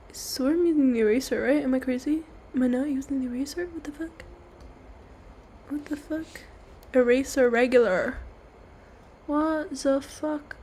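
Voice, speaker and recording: A woman's voice: high voice, darkish tone, slightly rough. A young woman chatting casually while she draws on a stream, rambling, apologizing and slipping into silly voices. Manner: rambling, self-deprecating, breaks into silly voices.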